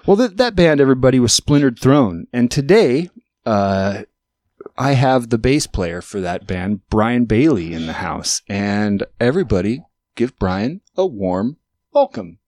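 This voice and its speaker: A man in his late thirties hosting a podcast, telling rambling self-mocking stories with sudden jumps in pitch. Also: very animated, unhurried, a little mellow, dry recording, studio quality. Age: 30s. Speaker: podcast host. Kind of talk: casual chat. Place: studio.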